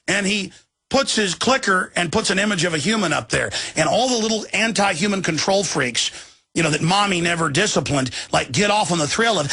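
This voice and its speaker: Older male host, fiery shouted monologue; bright, raspy, husky tone, preachy and relentless. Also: on the high side. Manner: shouting, furious and preachy, rapid lists. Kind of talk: ranting monologue.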